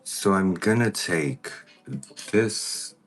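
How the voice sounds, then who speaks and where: Brief: low-pitched man, slow relaxed pace, chatty makeup livestream with soft music behind. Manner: chatty, greets viewers by name in a high excited voice. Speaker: makeup artist vlogger. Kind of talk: casual livestream chat while doing makeup.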